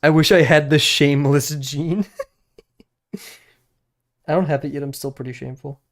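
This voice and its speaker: A man's voice: fairly high pitch, steady tone, normal speed, fairly bright tone. A man in his twenties chats casually while streaming, wandering from thought to thought. He pokes fun at himself and breaks into small laughs between phrases. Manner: rambling, self-deprecating, laughs often. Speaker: drawing streamer.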